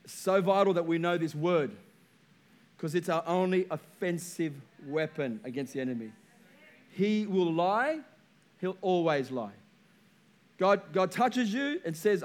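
A male pastor with a high voice for a man preaches emphatically. He hammers home key phrases by repeating them and drops his voice low for the quiet parts. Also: expressive, normal speed. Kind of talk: sermon.

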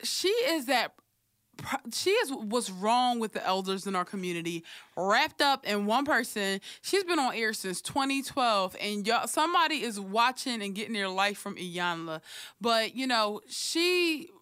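A woman's voice: a little high, sing-song, unhurried, fairly bright tone, clear, resonant tone, dry recording, clean studio sound. A young woman co-hosting a podcast in casual chat, frank and profane, often laughing as she talks. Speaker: podcast co-host.

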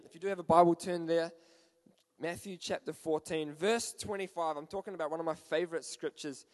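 A man preaching a sermon to a youth group, energetic and playful, joking with the crowd. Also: a little high. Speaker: youth pastor. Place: church hall. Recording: echoey hall with long reverb.

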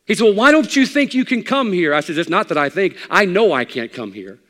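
A male pastor preaching a sermon. He moves from quiet, intimate talk to loud, impassioned preaching, telling stories in his own voice. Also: high-pitched, very animated, brisk, big-room sound.

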